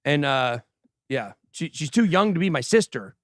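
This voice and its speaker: A man's voice: on the high side, very animated, normal speed, no echo, studio quality. A man hosting a crypto livestream, chatting casually and bantering boastfully with his crew and the chat. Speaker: host of a crypto news livestream.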